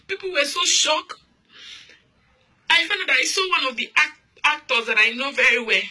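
A woman's voice: high-pitched, animated, moderate pace, pushed and bright, poor audio. A woman recounting a dream of the end times as an earnest, repetitive testimony, pleading with her listeners. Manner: pleading exhortation.

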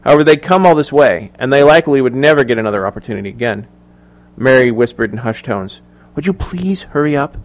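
A man reading a thriller audiobook aloud in a measured, even storytelling voice. His pitch sits in the middle range and his delivery stays steady. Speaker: audiobook narrator. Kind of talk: scripted narration.

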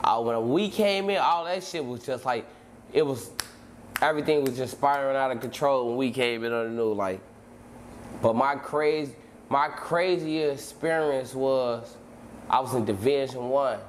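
A man telling a long story as an interview guest, in heavy street slang, acting out scenes with sudden shouts and voices. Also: medium pitch, normal speed, slight background noise. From Chicago. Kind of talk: animated storytelling.

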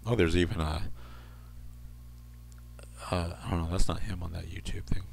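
A man hosting an internet radio show, reading odd news stories in a rambling way and slipping into soft asides. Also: low-pitched, level tone, normal speed, gravelly, a little hiss or hum.

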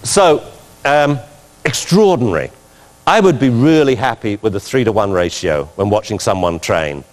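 A male dog trainer giving a lecture, commenting on training videos and acting out commands in a lively way. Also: on the low side, unhurried. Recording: long hall reverb.

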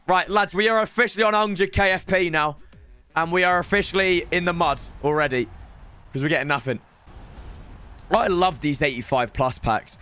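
A British man streaming live, his voice hoarse and worn. He talks in a lively, up-and-down way, pitched a touch high for a man, and breaks into excited shouts at the big moments. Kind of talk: live-stream pack-opening commentary.

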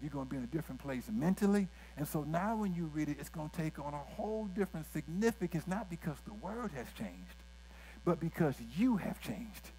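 A man's voice: on the high side, lively intonation, fairly quick, warm tone, soft background music, rough recording. A male pastor, preaching a sermon with folksy asides and direct questions to the congregation.

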